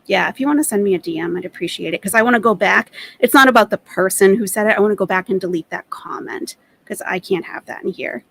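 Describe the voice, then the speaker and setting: Firm, earnest woman with a gravelly edge. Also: medium pitch, fast, low-quality recording. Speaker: commentary channel host. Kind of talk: commentary addressing chat.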